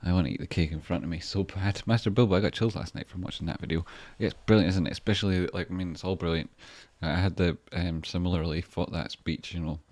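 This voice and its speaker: A man's voice: sits low, fairly even intonation, fast, few pauses, a little mellow, no room sound. A man with a Scottish accent chatting casually on a trading livestream, reading viewer messages, swearing freely and thanking people effusively.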